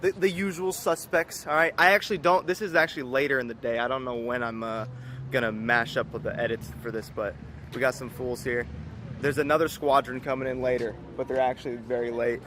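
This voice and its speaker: A young man filming a casual vlog in a car with friends, loud and joking, on a phone camera. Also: medium pitch, fairly even intonation, a little fast, a little hiss or hum. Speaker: vlogger.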